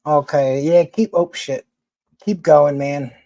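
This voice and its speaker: A man's voice: a little high, fairly even intonation, slow pace, dark tone, dry recording. A man from New York City with a Philadelphia accent, chatting casually with viewers on a livestream in a blunt, rambling, profane way.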